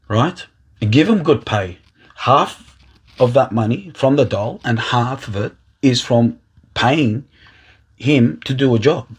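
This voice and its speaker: Impassioned husky man ranting. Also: medium pitch, a little mellow. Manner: impassioned, rambling, restarts and repeats words. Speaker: aspiring political candidate. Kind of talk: emotional personal monologue.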